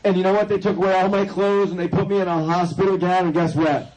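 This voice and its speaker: This fast-talking California man has a steady, high-sitting voice. At a recovery convention he recounts his own story loosely and with jokes, turning to the audience for asides while their laughter and the room's noise fill the background.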